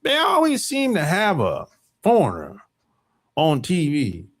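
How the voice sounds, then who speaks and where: A man's voice: on the high side, wildly swooping pitch, takes it slowly. An American man hosting a podcast, talking in a rambling, emphatic opinion monologue full of profanity. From United States. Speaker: podcast host.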